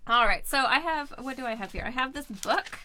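A woman telling a personal story in a casual chat, animated and laughing often as she acts out voices. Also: high voice, brisk, a loud crowd. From Canada.

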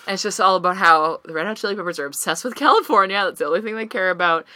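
A woman's voice: fairly low pitch, sharp tone, no echo. Chatty, swearing woman podcast co-host. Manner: chatty, swearing, jokey, quick asides. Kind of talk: casual chat.

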